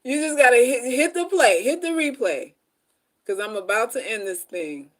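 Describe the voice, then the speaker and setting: A woman hosting a casual live stream on relationship advice, repeating herself and talking straight to her viewers, dropping to soft asides and then rising to loud, high outbursts. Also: lively intonation, moderate pace. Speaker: livestream host, relationship advice.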